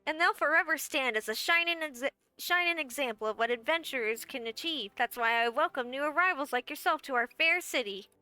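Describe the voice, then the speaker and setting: A woman's voice: sits high, lively intonation, a little fast, few pauses, sharp tone, no echo, soft background music. A woman voicing a brassy, folksy little guildmaster and innkeeper in a game, with a wry storytelling manner. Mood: brisk. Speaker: game character. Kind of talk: game voice acting.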